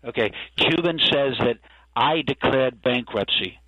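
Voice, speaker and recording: A man's voice: mid-range voice, measured pace, bright, forceful tone, dry recording, dull audio. A man doing a blustering boastful politician. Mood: boasting. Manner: tags nearly every sentence with a questioning okay, repeats himself. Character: blustering boastful male politician, insulting and self-praising. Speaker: comedic impressionist guest.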